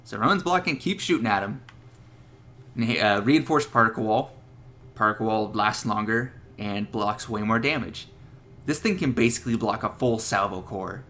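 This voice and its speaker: Bright-voiced young man giving casual game tips. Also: on the low side, normal speed. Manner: loose and profane, laughing at his own jokes. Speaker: gaming video creator. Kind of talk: casual gameplay tips commentary.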